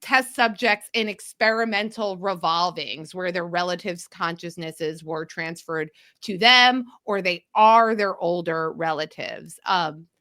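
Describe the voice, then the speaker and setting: A woman's voice: on the low side, measured pace, few pauses, no room sound, clean studio sound. A woman from the mid-Atlantic US hosting a podcast, chatting casually and laying out a theory at length. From mid-Atlantic region of the US. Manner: animated, laughing, theorizing at length. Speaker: podcast host.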